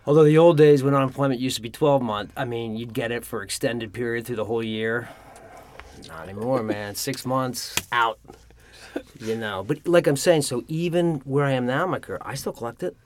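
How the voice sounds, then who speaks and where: A man's voice: mid-range voice, a little fast, a little hiss or hum. A middle-aged man, a guest actor, chatting casually and telling stories about his career, acting out old conversations. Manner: storytelling, acts out past dialogue. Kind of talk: casual interview chat.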